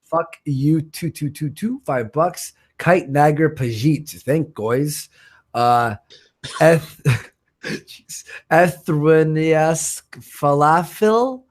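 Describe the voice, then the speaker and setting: A man's voice: on the high side, extremely slow, long pauses, a little mellow, husky. A man hosting a live stream, casually reading out viewer donations, joking and stumbling over names. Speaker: stream host.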